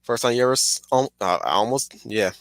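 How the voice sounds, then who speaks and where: A man's voice: mid-range voice, expressive, brisk, vocal fry, a bit bright, no echo. A man streaming a casual, rambling film commentary, stuttering and restarting his sentences often.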